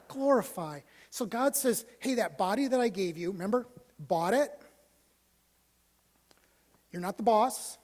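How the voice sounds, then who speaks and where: A male pastor telling a story in a sermon, moving from hushed, almost whispered lines to loud, animated ones. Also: fairly high pitch. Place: church sanctuary. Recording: long church hall reverb.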